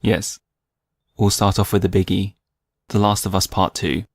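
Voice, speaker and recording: Podcast co-host: male, low voice, wry and laid-back, dry close-mic sound. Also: level tone, moderate pace, no echo. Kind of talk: casual chat.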